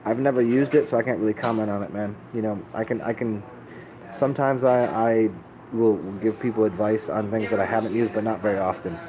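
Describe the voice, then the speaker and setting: A man's voice: on the low side, fairly even intonation, brisk, a crowd in the background, poor audio. A man rambling casually to his live-stream viewers, laid-back and profane, often restarting his sentences. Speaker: livestreamer answering chat.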